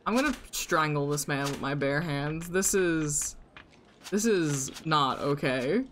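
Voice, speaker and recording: A woman streamer with a fairly low voice who takes her time, unhurried even mid-rant. She swears freely and vents exasperation at the game while chatting to her viewers, with a faint hiss of noise behind her. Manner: exasperated, profane ranting at the game; talks to her chat audience. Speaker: streamer playing a video game. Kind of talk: casual live-stream commentary.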